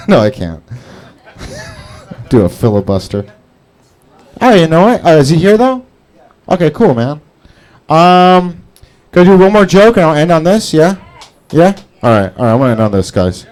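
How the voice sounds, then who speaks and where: A man doing a rambling, profane stand-up set on an open-mic stage, jumping into a squeaky high voice for scared bits. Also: very animated, normal speed, long pauses, darkish tone. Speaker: stand-up comedian. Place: comedy club stage before a live audience.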